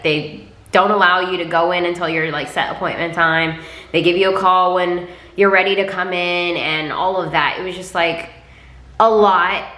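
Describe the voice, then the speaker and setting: A young woman tells a personal story to her viewers in a candid, chatty way, leaning on "like" as she goes. Her voice sits a little low but sounds bright and forceful. The room around her is echoey. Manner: candid and chatty, with many "like" fillers. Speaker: vlogger. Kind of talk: casual storytime to camera.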